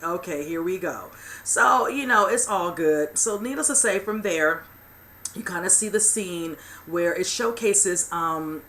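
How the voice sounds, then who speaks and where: On the low side, her voice sounds pushed and bright while she hosts a chatty recap of a TV episode. The retelling rambles, peppered with "you know" and "whichever," with a touch of hiss or hum in the audio.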